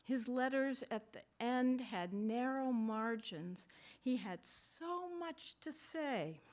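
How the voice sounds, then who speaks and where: Slow, measured woman reading fiction. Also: fairly high pitch, expressive, a little mellow. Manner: measured, deliberate reading with brief asides. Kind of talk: literary reading. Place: conference reading.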